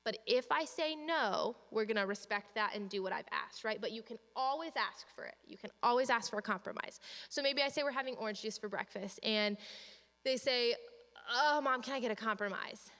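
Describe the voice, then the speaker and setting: Female parenting trainer, bright and fairly high, practical and reassuring, long reverb of a church hall. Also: brisk. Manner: practical, reassuring, acts out parent-child exchanges.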